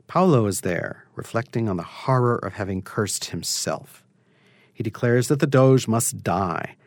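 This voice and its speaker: A man narrating a scripted opera lecture, explaining in a measured, articulate way. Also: on the low side, animated, no room sound, studio quality.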